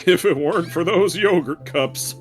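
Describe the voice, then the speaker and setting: A man's voice: on the high side, normal speed, soft background music, lightly acted. Mateo, grouchy garbage man, a streamer voicing him. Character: grouchy male garbage worker, hardworking. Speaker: voicing a game character.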